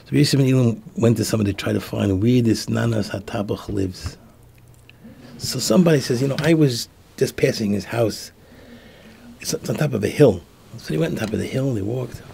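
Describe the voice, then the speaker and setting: A man, a rabbi, telling a story as a sermon and acting out the dialogue in soft, hushed tones. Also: fairly low pitch, gravelly, slight background noise.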